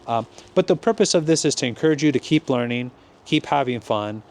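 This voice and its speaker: Man, American accent, English teacher, slow deliberate delivery, encouraging, mid-pitched voice. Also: expressive. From California.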